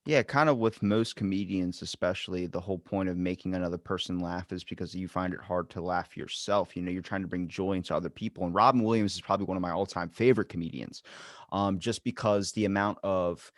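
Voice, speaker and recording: A man hosting a podcast in casual conversation, animated, jumping up in pitch when he acts out exchanges. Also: quick pace, no room sound, clean studio sound. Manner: animated, jumps high when acting out exchanges. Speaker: podcast host.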